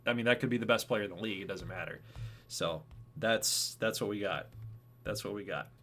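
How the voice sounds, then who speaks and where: A man's voice: fairly low pitch, a little fast, fairly bright tone. A man casually hosting a baseball video game franchise livestream, chatting with viewers by name. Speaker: host of a franchise stream.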